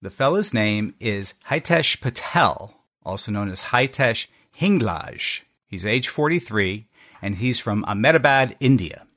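A man's voice: on the low side, expressive, unhurried, fairly bright tone. A man from the United States, a podcast co-host, presenting a segment in a wry, joking way during a casual panel chat. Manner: wry, jokey delivery of a prepared segment.

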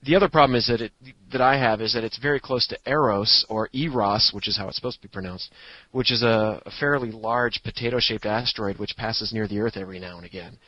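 A man's voice: fairly low pitch, fast, dry recording. A man, an astronomer, chatting casually on a podcast and explaining things with a fondness for puns. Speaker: astronomer guest. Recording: dull lo-fi recording.

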